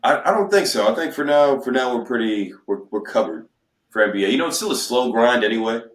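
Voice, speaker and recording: A man's voice: mid-range voice, animated, quick pace. A man co-hosting a sports podcast, chatting casually in a laid-back way. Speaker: podcast co-host. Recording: echoey room, mic at a distance.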